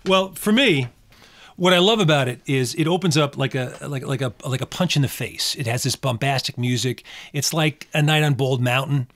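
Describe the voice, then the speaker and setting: A man's voice: mid-range voice, moderate pace, a bit bright, no echo. A man co-hosting a podcast, talking eagerly about an old horror film and often restarting his sentences. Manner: enthusiastic, repeats words and restarts often. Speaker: podcast co-host. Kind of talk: casual film discussion. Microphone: podcast microphone.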